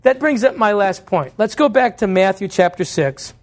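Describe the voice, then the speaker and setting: A pastor preaching a sermon in church, earnest and direct, posing questions to the congregation and answering them himself. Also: male voice, sits high, expressive, moderate pace.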